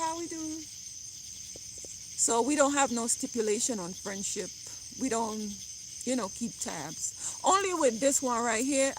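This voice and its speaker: A woman's voice: fairly high pitch, noisy background. A woman chatting bluntly and jokingly to her viewers in a casual vlog, recorded on a phone outdoors beside a car. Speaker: vlogger.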